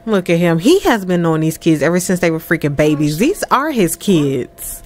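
A woman giving chatty, animated let's-play commentary over a life-sim game, laughing often. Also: on the low side, normal speed. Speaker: gameplay commentator.

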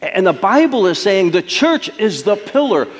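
A middle-aged pastor preaching in a church, his fairly high voice swinging widely between hushed and emphatic. He tells stories with dramatic pauses, and the words ring out in a long church reverb. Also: very animated. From Detroit. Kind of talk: sermon. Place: church sanctuary.

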